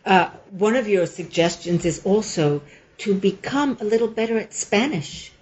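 Measured, formal woman podcast host. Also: mid-range voice, animated, darkish tone. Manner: measured, formal, slightly halting. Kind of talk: interview hosting. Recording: dull, lo-fi sound.

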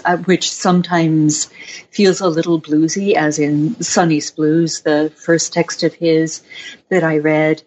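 A woman author answering interview questions in a reflective, measured way, often with soft laughs. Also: low-pitched, husky, low-quality recording.

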